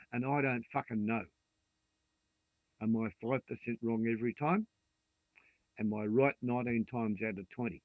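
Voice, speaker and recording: Ranting profane older Australian man, gravelly. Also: medium pitch, no room sound. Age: 60s. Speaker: vlogger. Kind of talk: angry rant to camera. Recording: dry tinny phone-like sound.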